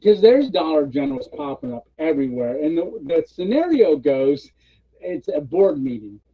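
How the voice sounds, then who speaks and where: A man chatting casually on a live stream, telling a funny story with lots of laughter and quick character voices. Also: vocal fry. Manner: animated storyteller, puts on high voices for characters, laughs often. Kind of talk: casual chat, retelling a comic bit. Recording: dull lo-fi stream audio.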